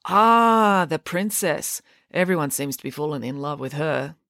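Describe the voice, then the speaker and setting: A woman reading a storybook, voicing a dreamy, easygoing schoolgirl who talks in a vague, unhurried way. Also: low voice, expressive, a bit bright, no room sound, studio quality, exaggerated voice.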